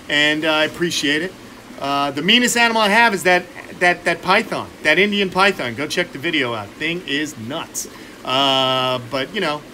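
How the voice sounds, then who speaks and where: Chatty guy with a fairly high voice doing a live stream by his pond, faint outdoor hum behind. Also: pushed and bright. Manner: upbeat, joking, reads viewer comments aloud. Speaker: reptile channel host. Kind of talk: casual live stream chat.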